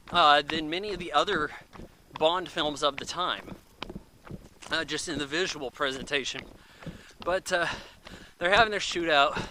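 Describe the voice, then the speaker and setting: A man giving a casual, rambling movie review, full of fillers and quick acted-out asides, recorded outdoors near traffic. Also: on the high side, bright, forceful tone, low-quality recording.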